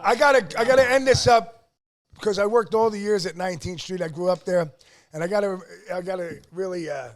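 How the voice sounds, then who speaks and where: A middle-aged man, a pizzeria owner telling a rowdy family story, loud and profane, shouting out the quotes. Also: sits high. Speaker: pizzeria owner, podcast guest. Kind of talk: casual storytelling.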